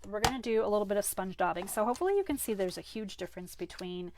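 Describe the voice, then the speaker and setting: A woman's voice: medium pitch, expressive, racing, noisy background. A woman hosting a live card-making class, chatty and self-deprecating, who laughs off her own mistakes as she works. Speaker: crafting class host.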